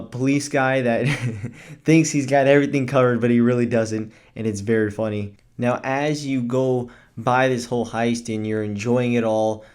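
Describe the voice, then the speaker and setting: A man's voice: mid-range voice, darkish tone. Guy doing a laid-back movie review vlog, rambly, lots of ums and restarts, mid-range voice. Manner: chatty and rambling, with fillers and self-corrections. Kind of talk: casual spoken movie review.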